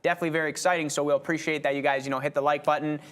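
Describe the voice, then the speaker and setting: A man's voice: on the high side, level tone. A man co-hosting a live day-trading show, giving casual market analysis full of fillers such as "like" and "you know". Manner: rapid, filler-heavy, keeps saying "like". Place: trading-floor TV studio.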